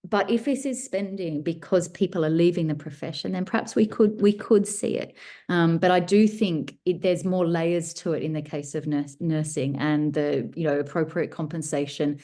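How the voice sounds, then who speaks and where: Woman guest author, deep voice, musing and rambling answers on a video call. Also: moderate pace, warm tone. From Australia. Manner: thoughtful, rambling with restarts. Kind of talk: casual workshop answer.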